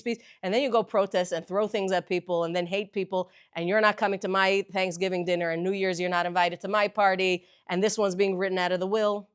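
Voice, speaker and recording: Quick woman lecturer, animated and emphatic, teaching a class in a synagogue. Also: fairly low pitch. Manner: animated, switches between languages, quotes with emphasis. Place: synagogue hall.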